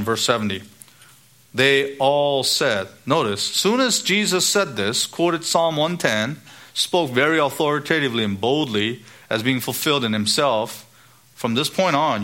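Emphatic male preacher. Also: pushed and bright. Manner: emphatic, rising for stress and dropping low on key words; quotes the scriptures. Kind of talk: sermon.

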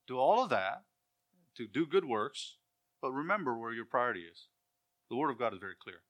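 Brief: male preacher, conversational sermon, bright and forceful tone. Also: medium pitch, very animated, moderate pace. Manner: conversational, rhetorical questions, acts out quotes.

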